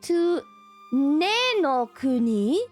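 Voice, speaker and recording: A high-pitched woman streamer with a bouncy, swooping voice. She chats casually, swears freely and laughs a lot while teasing her viewers. Faint music plays behind her. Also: extremely slow. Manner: excitable, swears, laughs often, yells at chat. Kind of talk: casual chat with chat.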